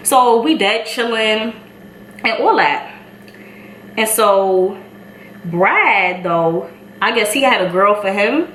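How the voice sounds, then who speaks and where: Animated Brooklyn woman telling a story. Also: medium pitch, takes it slowly, pauses often. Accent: Brooklyn New York. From Brooklyn, New York. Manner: animated storytelling, acting out voices, laughing. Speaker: beauty vlogger. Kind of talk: story time while doing makeup. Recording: echoey room, faint ambient noise.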